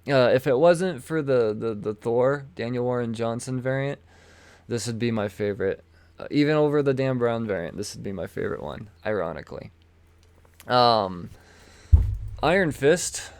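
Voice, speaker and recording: Showing comics solo on his podcast, a host rambles enthusiastically in a casual way, frequently repeating himself. His voice is mid-range, and there's no echo.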